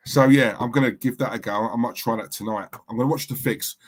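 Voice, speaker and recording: Speaking quickly in a mid-range voice, this livestream host keeps things casual and chatty. He goes through viewer comments in a rambling way, saying the same things over and over.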